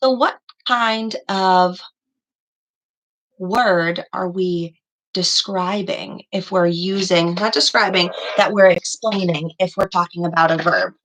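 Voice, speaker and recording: A woman's voice: lowish voice, fairly even intonation, takes it slowly, a bit bright, poor audio. A woman teaching young children in an online class over a video call, patient and encouraging, praising her students by name. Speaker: elementary school teacher.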